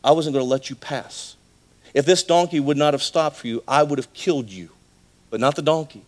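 A man voicing a stern, menacing male angel who warns in a low, slow, threatening way during a sermon story. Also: darkish tone, lightly acted. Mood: stern warning.

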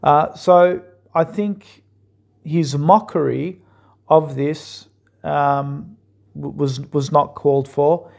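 A man commentating on a clip, pausing it to argue his points earnestly and repeating himself for emphasis. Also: fairly high pitch, fairly even intonation, gravelly, darkish tone. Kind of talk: reaction commentary.

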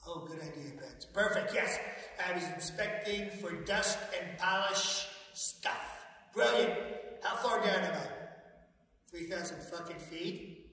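A boastful, petulant president who brags and whines over and over. His voice sits high and sounds bright and sharp. He is recorded from a distance in a hall with a long, echoey reverb. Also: a little slow. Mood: blustering. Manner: boastful, repetitive, whiny. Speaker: actor doing a president impression. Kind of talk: comedic impression.

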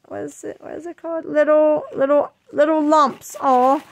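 A woman with a high, bright voice talks casually into her phone at home, gushing and filling her talk with ums and apologies. She chats in an easygoing, unpolished vlog manner. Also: fairly even intonation, moderate pace, vocal fry, few pauses. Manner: chatty and gushing, frequent fillers and apologies. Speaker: vlogger.

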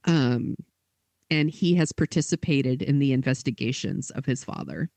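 A man hosting a podcast, telling a story in a casual way, with lots of fillers and quick acted quotes. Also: mid-range voice, expressive, creaky, a little mellow, no echo. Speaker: podcast host.

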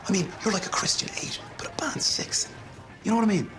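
An actor playing a careless British rocker in a sitcom, loose and casual. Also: male voice, high-pitched, quick pace, over music, natural voice. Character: Bryn, a druggy rock band singer.

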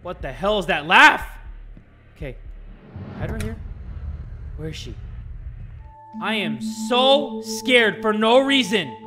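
Excitable high-voiced man yelling at a horror game. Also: slow pace, pauses often. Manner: excitable, swings from hushed muttering to loud screams. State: strained voice from screaming. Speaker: gaming video host. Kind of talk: horror game playthrough commentary. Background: creepy game music.

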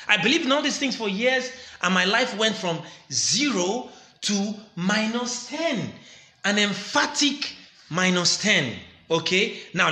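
A man's voice: a little high, bright, forceful tone, reverberant. A man hosting a commentary channel, talking emphatically and repeating words for stress. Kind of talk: casual commentary.

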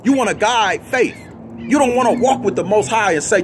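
A man with a notably high voice preaches a freestyle street sermon, blunt and fiery. He cusses freely and keeps tagging his lines with "man." Faint vehicle noise hums behind him. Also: animated, normal speed. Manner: fiery and blunt, cussing, with constant "you see what I'm saying" and "man" tags.

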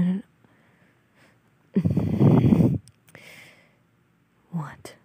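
A woman voicing a grumpy, sleepy young man in a whispered role-play, with a curt, irritable and mocking way of talking and a husky, breathy whisper. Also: fairly low pitch, dark tone, slight background noise. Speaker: voice actor.

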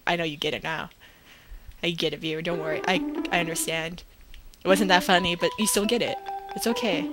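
A teenage girl giving casual let's-play commentary, talking to herself with excitable bursts of exclamations. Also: medium pitch. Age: teens. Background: loud game music.

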